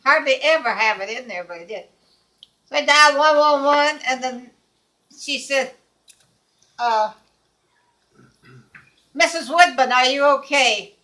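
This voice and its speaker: Bright-voiced older woman telling a story. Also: high-pitched, measured pace, long pauses, low-quality recording. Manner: animated, laughs often while telling; acts out quoted dialogue. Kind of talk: casual anecdote.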